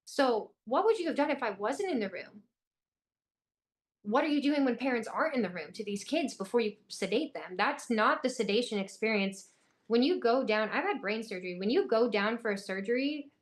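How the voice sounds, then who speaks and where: A young woman from Illinois tells her story as an interview guest, her voice pitched in the everyday middle range. She speaks with urgency and intensity, pressing each point home. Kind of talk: personal account in an interview.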